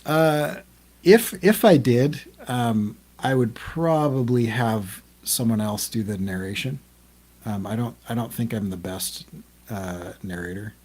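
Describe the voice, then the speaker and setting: A man's voice: medium pitch, a little slow, a little mellow. A man co-hosting a podcast in casual group chat, talking in a rambling way with many ums and restarts. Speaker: podcast co-host.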